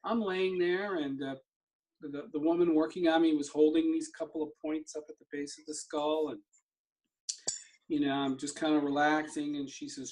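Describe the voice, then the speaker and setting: A man's voice: fairly high pitch, little pitch movement, normal speed, darkish tone. A middle-aged man, a therapy practitioner, telling a personal story in conversation and acting out the dialogue he remembers. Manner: vivid storyteller who acts out remembered dialogue. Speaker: somatic therapy practitioner, guest.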